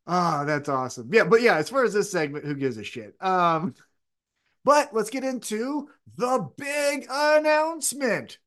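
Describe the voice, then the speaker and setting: A man's voice: high-pitched, very animated, a little slow, a bit bright. A man co-hosting a casual wrestling chat podcast, rambling and opinionated as he talks things through. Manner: rambling, opinionated, restarts often. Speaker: podcast co-host.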